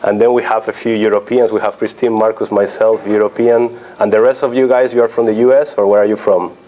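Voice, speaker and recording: Low-voiced man giving a lecture. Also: level tone, brisk, mellow. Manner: conversational, polls the audience. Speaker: guest lecturer. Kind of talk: academic lecture.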